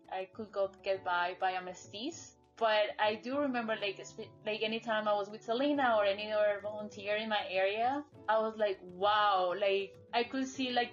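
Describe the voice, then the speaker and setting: A woman sharing her experiences in a casual, reflective chat. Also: medium pitch. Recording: dull, lo-fi audio with faint music.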